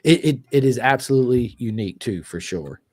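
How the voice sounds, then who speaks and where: A middle-aged man from Virginia with a Virginian accent, hosting a casual podcast interview and telling stories with lively energy. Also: medium pitch, brisk, slightly rough, no room sound. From Roanoke, Virginia. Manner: animated storyteller who acts out voices. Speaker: podcast host.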